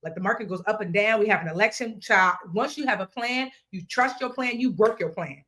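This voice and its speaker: A woman's voice: mid-range voice, a little fast. A woman in her thirties hosting a live online money class, playful and chatty, talking straight to her viewers with slang and asides. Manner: lively, playful, talks straight to viewers, drops into slang and snatches of song. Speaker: financial educator hosting a live workshop.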